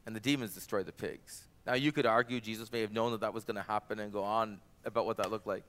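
A man preaching a sermon, animated, getting loud and intense when he quotes cries and scripture. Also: lowish voice, quick pace. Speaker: pastor.

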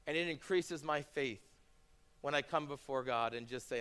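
Bright-voiced earnest man preaching. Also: medium pitch, moderate pace, clear, resonant tone. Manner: earnest storytelling that builds into impassioned preaching. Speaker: pastor. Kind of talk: sermon.

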